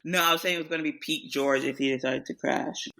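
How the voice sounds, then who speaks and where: A woman's voice: low-pitched, fairly even intonation, fast talker, sharp tone, poor audio. A woman co-hosting a casual podcast chat, making her case bluntly. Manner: blunt, argumentative. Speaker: podcast co-host.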